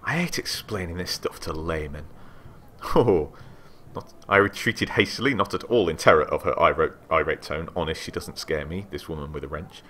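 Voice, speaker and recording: Male let's play host, deep, bright-edged, animated reader. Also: moderate pace, a little hiss or hum. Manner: excitable, animated, reads aloud with asides. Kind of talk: let's play commentary and reading game text.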